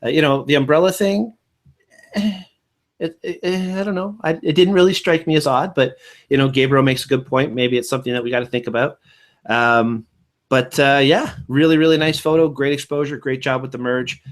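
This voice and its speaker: A man's voice: mid-range voice, fairly even intonation. Upbeat man hosting an online show. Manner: upbeat, encouraging, quick to laugh. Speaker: host of a live online photo show. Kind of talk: casual chat.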